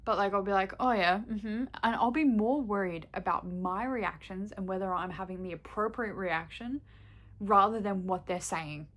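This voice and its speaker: A woman's voice: mid-range voice, normal speed, fairly bright tone. A young woman vlogging in casual chat, candid and rambling, swearing freely and laughing often.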